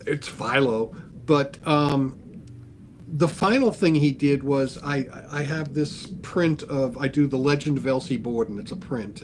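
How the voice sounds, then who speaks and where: An older man telling a long story in casual talk, animated, acting out the voices of the people he quotes. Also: mid-range voice, slight background noise. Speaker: guest artist.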